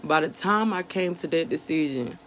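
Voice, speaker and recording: A woman's voice: low-pitched, expressive, moderate pace, a little hiss or hum. A woman vlogger speaking candidly and emotionally to her viewers, in casual slang full of "you know what I'm saying". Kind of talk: candid personal monologue to camera.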